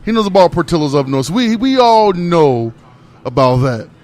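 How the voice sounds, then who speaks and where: A man co-hosting a radio show, telling an emphatic, animated complaint story. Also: on the high side, moderate pace. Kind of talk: casual comedic rant.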